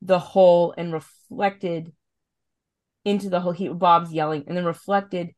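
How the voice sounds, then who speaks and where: A woman's voice: on the low side, fairly even intonation, unhurried, a little mellow. A woman hosting a podcast in casual, chatty talk, full of fillers and swearing freely. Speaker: podcast host. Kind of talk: casual podcast recap chat.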